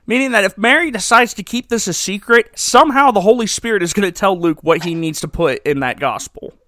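A man's voice: high-pitched, lively intonation, a little fast, pushed and bright, no room sound. A man hosting a podcast, giving a wry, joking recap with chuckles in a casual comedic style. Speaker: podcast host.

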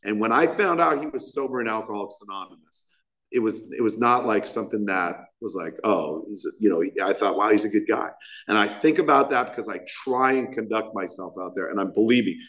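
A man's voice: lowish voice, fairly quick, fairly bright tone. A man in his thirties sharing his recovery story from a podium, rambling and self-mocking, with lots of fillers. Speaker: recovery meeting speaker. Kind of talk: personal story at a recovery meeting. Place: meeting hall. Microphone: podium microphone.

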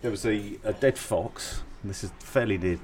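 A man's voice: on the low side, normal speed, a little mellow. A man co-hosting a podcast in casual chat, rambling and correcting himself with dry humour. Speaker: podcast co-host.

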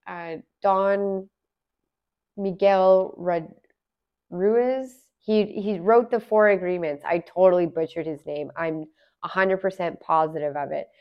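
A woman's voice: mid-range voice, dull audio. A woman from Alberta, musing in a casual, earnest monologue full of rhetorical questions. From Alberta, Canada.

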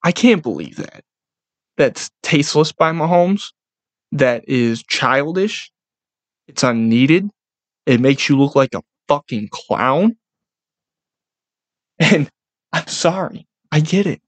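Brief: young guy, solo sports podcast rant, profane and animated, dry close sound. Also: on the high side, slow pace, long pauses, dry recording. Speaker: podcast host.

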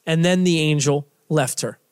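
A man's voice: fairly high pitch, normal speed, clean tone. A young man preaching a sermon in a casual, conversational way, full of "like" fillers and restarts as he reads and explains scripture.

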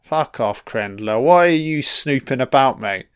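Slow guy heckling a movie, a bit croaky, dry close mic. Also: medium pitch, lively intonation, no room sound. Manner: profane, talks back at the screen. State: slightly croaky throat. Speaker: film commentator. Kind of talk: casual film commentary.

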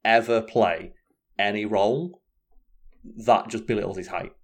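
A man chatting casually as a podcast co-host, telling stories in an animated, sweary way. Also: lowish voice, measured pace. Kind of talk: casual chat.

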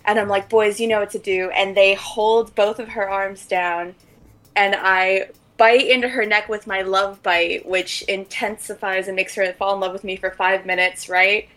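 A woman's voice: medium pitch, fairly even intonation, a little slow, fairly bright tone, rough recording. A woman as a player in a tabletop role-play, talking playfully with fillers.

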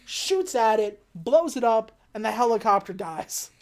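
A woman casually recapping a movie plot on a podcast, telling the story with lively energy and acting out the characters' lines. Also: fairly high pitch, measured pace. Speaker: podcast co-host recapping a film. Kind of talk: casual chat.

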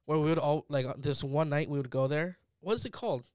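A man's voice: on the high side, fast talker, a little mellow, dry recording. A young adult man, co-hosting a podcast in a rambling, filler-heavy storytelling way. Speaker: podcast co-host. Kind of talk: casual podcast chat.

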